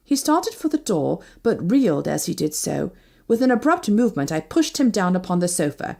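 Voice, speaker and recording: A woman's voice: moderate pace, creaky. A woman narrating a first-person novel as an audiobook, reading expressively. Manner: expressive, shifting pitch with each character.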